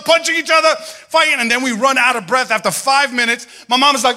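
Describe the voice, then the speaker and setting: A young man preaching a sermon, telling stories in an animated way and acting out voices. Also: very high-pitched, fast talker, hardly any pauses. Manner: animated storytelling, acts out voices and laughs. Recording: hall reverb.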